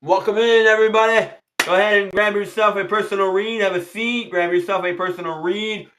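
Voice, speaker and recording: A man's voice: sits high, fairly even intonation, brisk, bright, forceful tone, slight background noise. A man hosting a tarot livestream in casual chat, repeating himself and greeting viewers by name.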